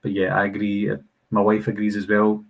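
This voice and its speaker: Husky British man chatting on a stream. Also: fairly low pitch, monotone, brisk, low-quality recording. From United Kingdom. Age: 30s. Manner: chatty, reads viewer comments aloud and answers them. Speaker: host of a live Q&A stream. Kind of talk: casual live-stream chat reading comments.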